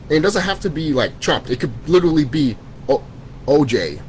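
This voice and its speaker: A man's voice: on the high side, big pitch swings, fairly quick, a little hiss or hum, low-quality recording. A man in an angry vlog rant, swearing constantly, repeating himself and restarting sentences as he scolds his viewers. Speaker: vlogger. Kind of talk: profane conspiracy rant to camera.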